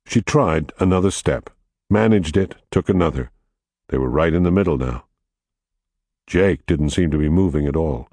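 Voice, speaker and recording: A man with a very low voice reads a story aloud in a measured, steady way. His tone moves a lot, and the sound is dry and close, with no room in it. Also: slightly rough, no echo. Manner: measured, steady, quietly dramatic. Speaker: narrator. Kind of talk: audiobook narration.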